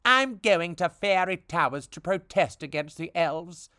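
A storybook reader voicing a shrill, indignant, prejudiced female fairy who shrieks when angry. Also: animated, measured pace, sharp tone, clean tone, no room sound, clean studio sound.

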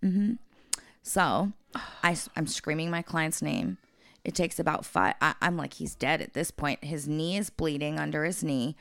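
A woman's voice: low voice, lively intonation, unhurried, gravelly, no echo. A woman co-hosting a casual podcast, telling a blunt, profane story from her work. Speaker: podcast co-host.

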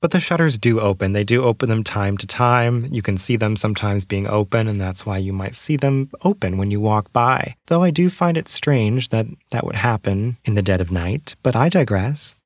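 A man with a fairly low voice hosts a casual solo podcast, slightly winded as he talks. His delivery is wry, full of sarcastic asides. The sound is dry and close, recorded inside a small closet. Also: no echo. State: out of breath. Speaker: podcast host.

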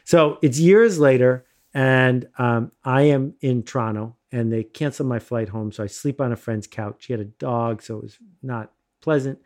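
A middle-aged man casually telling a self-mocking anecdote in lively bursts. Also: mid-range voice, normal speed, hardly any pauses. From United States. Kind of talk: casual storytelling.

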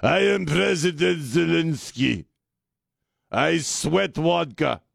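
A man putting on a slow, guttural mock-accented voice to imitate a foreign president. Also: on the high side, gravelly, a bit bright, dry recording, studio quality, voice pushed up, heavily acted. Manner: slow mocking put-on voice. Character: put-on impression of a male foreign president, heavy guttural accent.

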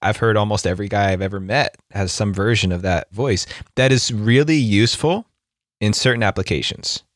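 A man's voice: on the low side, moderate pace, no room sound, studio quality. A man hosting a podcast, talking things through in a reflective, casual way and often checking in with "right?". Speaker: podcast host. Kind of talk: casual conversation.

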